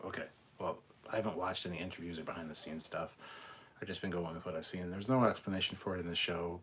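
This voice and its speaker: A man's voice: deep voice, a bit bright, slight background noise. A man hosting a casual live stream, reading chat aloud and ranting bluntly with plenty of swearing.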